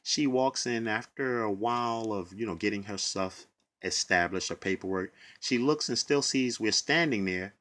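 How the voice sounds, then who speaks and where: A man's voice: on the low side, normal speed, fairly bright tone. A man who works as a bus driver tells his own story of trouble at work, emotional and acting out what others said. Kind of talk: personal testimony to camera.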